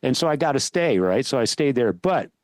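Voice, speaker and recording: A man hosting a podcast, chatting casually and telling a long, lively story before asking his guest a question. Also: mid-range voice, fairly quick, no echo. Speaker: podcast host. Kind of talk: casual interview chat.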